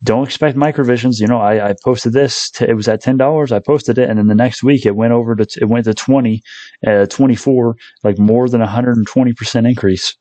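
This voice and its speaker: A man's voice: medium pitch, fairly even intonation, fairly quick, warm tone, no echo. A man hosting a stock market channel, talking casually and rambling a little, correcting himself and addressing viewers as guys. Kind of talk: casual unscripted commentary to viewers.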